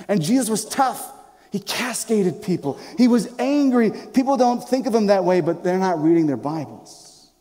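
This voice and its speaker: A male pastor preaches with passion, his voice pitched high for a man yet mellow in tone. He swings from loud, emphatic lines to hushed near-whispers and often restarts his words. His voice rings with the long reverb of a large church hall. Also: animated, normal speed. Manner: repeats and restarts words as he speaks. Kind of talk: sermon. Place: church sanctuary.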